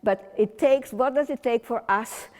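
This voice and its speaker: A woman's voice: fairly high pitch, a little slow, a little mellow, in a large hall. An older woman from Transylvania giving a chatty, whimsical public talk to a community audience, rambling with restarts. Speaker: guest speaker. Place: large community hall.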